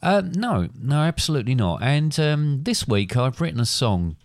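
A middle-aged man co-hosting a father-and-son podcast in casual chat, with dry, deadpan humour. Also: mid-range voice, normal speed, no room sound.

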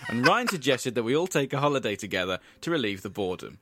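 A man hosting a comedy podcast, telling an absurd story in a dry, deadpan way with asides. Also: medium pitch, fast talker, slight background noise.

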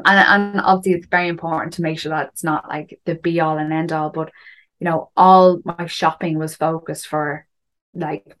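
A woman telling a story in a casual chat, full of fillers and asides. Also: fairly low pitch. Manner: chatty, frequent fillers and "do you know". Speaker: guest recounting a climb.

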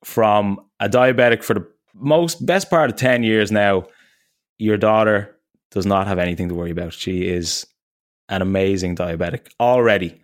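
A man's voice: fairly low pitch, moderate pace, no echo, clean studio sound. A man hosting a podcast, wrapping up in a friendly, chatty way and laughing often. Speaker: podcast host. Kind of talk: casual podcast outro.

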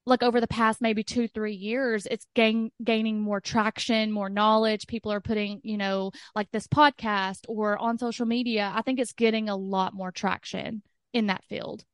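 A woman's voice: medium pitch, flat delivery, moderate pace, hardly any pauses, clean tone, no echo, studio quality. A woman talking candidly as a podcast guest and coaching client, chatty and full of "like" with frequent laughter. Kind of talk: candid casual chat.

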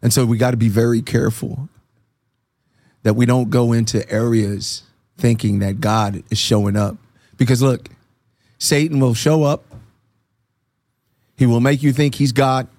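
Gravelly, earnest man telling his faith story. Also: mid-range voice, dry recording. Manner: earnest, animated storyteller acting out dialogue. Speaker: interview guest. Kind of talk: personal faith testimony.

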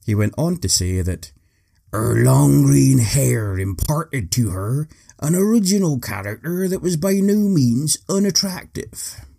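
A man's voice: medium pitch, animated, measured pace, vocal fry, dark tone. A man hosting a talk, telling history with wry, joking asides. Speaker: host. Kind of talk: humorous storytelling.

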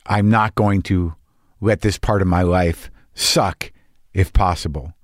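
A middle-aged actor talking in a rambling, earnest way in a casual personal vlog, swearing now and then. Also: male voice, low voice, fairly even intonation, slow pace, dry recording, studio quality.

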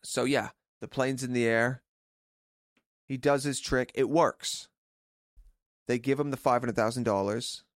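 A man co-hosting a casual podcast, telling a story with quick jokey asides. His voice sits at an everyday middle pitch. The recording is close and dry. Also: steady tone, no echo. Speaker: podcast co-host. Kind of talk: casual chat.

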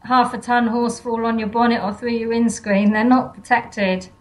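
A woman's voice: fairly high pitch, steady tone, normal speed, poor audio. A woman guest in an interview, talking earnestly and plainly. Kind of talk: conversational interview.

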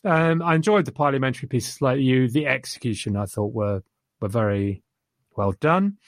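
A man's voice: medium pitch, moderate pace, no echo. Enthusiastic rambling man, dry sound. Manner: enthusiastic, rambling, quotes lines. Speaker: podcast co-host reviewing a film. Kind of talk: casual chat.

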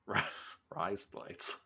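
Un hombre que copresenta un pódcast en una charla informal; divaga, se ríe y suelta palabrotas. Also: male voice, extremely slow, sharp tone. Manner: rambling, laughing, swears freely. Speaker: podcast co-host. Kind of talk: casual chat.

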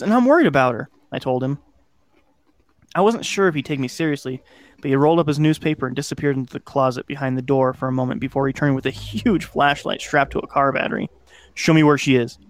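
In this dry recording with no room sound, a man hosts a podcast and tells a frightening childhood tale in a relaxed way. His voice sits in the mid range, and the occasional curse word slips in.

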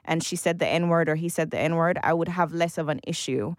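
Lively woman co-host, slightly low voice. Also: fairly quick, no echo. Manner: animated, laughs often, talks in long runs. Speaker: podcast co-host. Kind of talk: casual panel discussion.

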